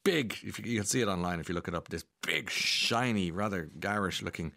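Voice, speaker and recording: A man hosts a radio chat, rambling on with restarts and asides. His voice sits on the low side. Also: fairly quick, gravelly, bright, forceful tone. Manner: rambling, chatty, many restarts and chuckles. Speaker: radio host. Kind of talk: casual chat.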